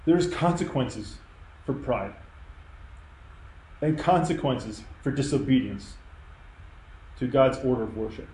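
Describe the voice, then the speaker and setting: A man's voice: mid-range voice, animated, slow, long pauses, a little mellow, roomy sound, a little hiss or hum, rough recording. A man preaching a sermon, earnest and emphatic in a conversational way. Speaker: pastor. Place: church.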